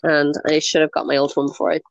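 A woman's voice: low-pitched, flat delivery, fast talker, creaky, no room sound, highs cut off. A woman in her twenties co-hosting a podcast, chatting casually, swearing freely and filling her talk with "like". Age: 20s. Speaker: podcast co-host. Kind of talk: casual chat.

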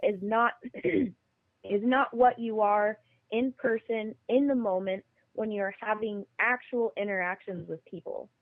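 A woman's voice: medium pitch, a little slow, no echo. A woman guest on a podcast, talking casually and bluntly. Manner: blunt, emphatic opinions. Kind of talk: casual conversation. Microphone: phone call. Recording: tinny phone line.

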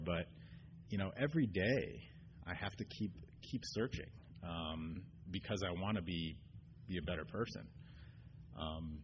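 A man telling his recovery story at a meeting, earnest and halting, full of ums and restarts. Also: low-pitched, slight background noise. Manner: earnest, getting choked up. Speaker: AA meeting speaker. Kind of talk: personal recovery share. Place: meeting room.

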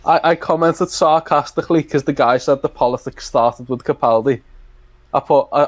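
A man's voice: a little high, moderate pace, no echo. Chatty man telling stories. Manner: rambling, anecdotal storyteller. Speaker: podcast co-host. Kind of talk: casual fan chat.

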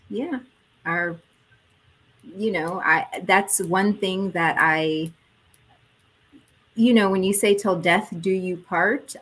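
A woman in her forties telling a personal story as a guest, acting out quotes with sudden jumps in pitch. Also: fairly bright tone. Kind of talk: personal storytelling in a podcast chat.

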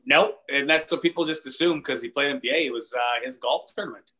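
A man, a comedian, telling casual, profane anecdotes with laughs in a relaxed chat. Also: medium pitch, fairly quick. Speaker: comedian guest.

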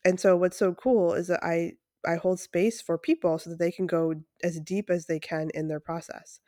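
A woman's voice: fairly low pitch, steady tone, normal speed, warm tone, no echo, studio quality. A young woman hosting her own podcast as a breathwork facilitator, talking in an enthusiastic, chatty way with frequent fillers and restarts. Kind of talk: casual solo podcast monologue.

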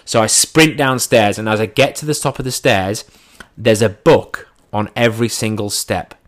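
A man telling a first-person anecdote in an animated way, acting out his own lines and his friends' lines as he goes. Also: lowish voice, normal speed. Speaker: storyteller.

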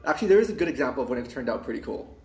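A man telling a long story in casual chat, rambling with many restarts and putting on high voices for the people he quotes. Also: very animated, racing, darkish tone. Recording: roomy echo.

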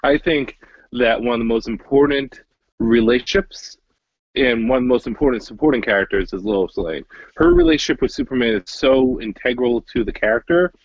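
Husky-voiced young man chatting, dull sound. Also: mid-range voice, no echo. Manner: animated, swearing, talks fast and restarts. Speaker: podcast co-host. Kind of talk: casual chat.

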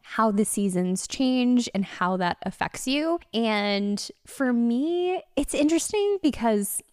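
A woman's voice: fairly high pitch, lively intonation, slow, darkish tone, smooth, no echo, studio quality. A young woman from Connecticut, a personal trainer co-hosting a podcast, chatting playfully and teasing with frequent laughs. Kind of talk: casual chat.

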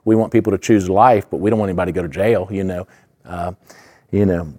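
A preacher delivers a sermon in an earnest, conversational manner. His voice sits low and mellow. He leans on asides and fillers as he talks. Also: steady tone, fast talker. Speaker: pastor.

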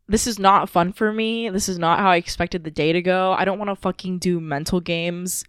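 A woman's voice: fairly low pitch, fairly bright tone, clear, resonant tone, no echo, studio quality. A woman podcast co-host telling a personal story in a casual, emotional, rambling way with lots of fillers.

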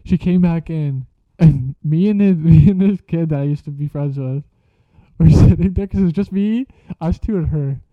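A man's voice: a little high, normal speed, dry recording. A young man casually telling a story from school, slangy and profane, laughing as he goes. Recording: dull lo-fi sound.

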